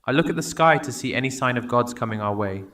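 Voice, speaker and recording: A text-to-speech man voice playing a calm, pious man looking to the sky, musing. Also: mid-range voice, quick pace. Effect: synthetic text-to-speech voice.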